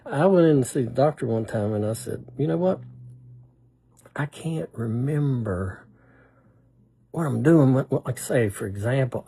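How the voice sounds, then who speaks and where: Older guy rambling on, folksy and joking at himself, kinda husky low-key voice. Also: mellow. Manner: rambling, self-deprecating, folksy. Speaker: humor vlogger. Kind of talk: casual storytelling monologue.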